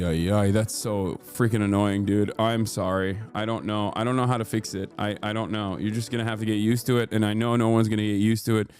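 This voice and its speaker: A man's voice: lowish voice, a little mellow. A man in his thirties hosting a livestream, ranting in a heated, profane way with lots of fillers into a studio microphone. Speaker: livestream host. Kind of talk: casual stream chat. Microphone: studio microphone through a mixer.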